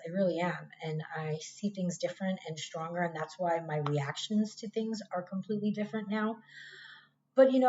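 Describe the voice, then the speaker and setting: A woman's voice: fairly low pitch, a little mellow. A woman reading tarot in a casual spiritual talk, speaking candidly and swearing freely as she addresses her viewers directly. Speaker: tarot reader. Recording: echoey room, dull lo-fi sound, faint hiss.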